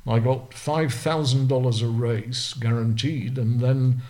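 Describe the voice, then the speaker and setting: A man's voice: medium pitch, fairly even intonation, unhurried, darkish tone. Older Lancashire man telling racing stories. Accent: Lancashire English. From Lancashire, England. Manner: vivid storyteller, acts out the people he quotes. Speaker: guest, retired racing driver. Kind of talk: anecdotal storytelling.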